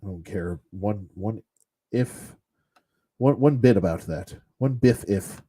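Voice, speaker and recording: Taking it slowly, a man with a lowish, mellow, slightly rough voice gives an off-the-cuff toy review of action figures, rambling and blunt with a bit of mild swearing.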